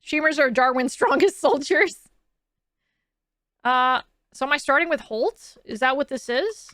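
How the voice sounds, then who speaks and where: A woman streamer chatting casually with her viewers, laughing and swearing freely, then reading second-person game narration in a slower, softer voice. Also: high voice, no echo, rough recording. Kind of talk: casual live-stream chat and reading game text aloud.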